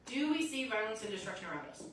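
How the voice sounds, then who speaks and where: A woman's voice: fairly high pitch, fast. A woman preaches to her congregation and acts out the people in her stories as she goes. Her voice rings through a very echoey church and is picked up from a distance, with light noise behind her. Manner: lively storytelling, acts out quotes. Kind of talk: sermon. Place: church sanctuary.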